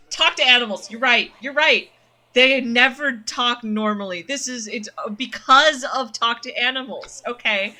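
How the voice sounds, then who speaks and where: A woman's voice: on the high side, bright, forceful tone, a little hiss or hum. A woman streaming a game, chatting casually and thinking aloud from her dim room at night. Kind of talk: casual let's-play commentary.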